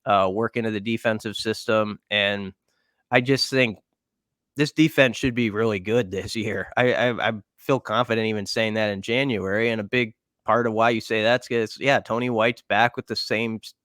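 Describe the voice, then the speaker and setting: A man's voice: fairly low pitch, fairly even intonation, moderate pace, fairly bright tone, no echo, studio quality. A man co-hosting a sports podcast, giving casual analysis while thinking aloud with lots of fillers. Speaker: podcast co-host.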